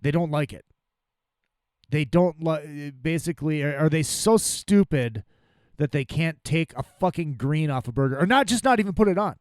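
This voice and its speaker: Male podcast host, angry profane rant, high and animated voice. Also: normal speed, dry recording, studio quality. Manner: angry, profane, exasperated ranting. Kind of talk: profane ranting monologue.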